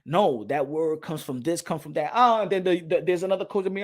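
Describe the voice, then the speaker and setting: A man's voice: a little high, a little fast. A man hosting a boxing channel, giving a heated, profane opinion rant to camera and often repeating himself.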